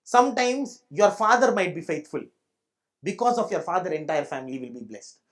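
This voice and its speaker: A man's voice: high voice, big pitch swings, brisk. A male pastor with an Indian English accent delivers a sermon in church. He drives each point home by repeating it. He often turns to the congregation to ask whether they follow. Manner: emphatic, repeats points and checks the audience understands. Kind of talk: preaching a sermon.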